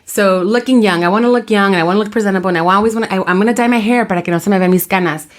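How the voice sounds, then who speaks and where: A woman hosting a casual podcast chat, relaxed and switching easily between English and Spanish. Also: mid-range voice, racing. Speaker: podcast host.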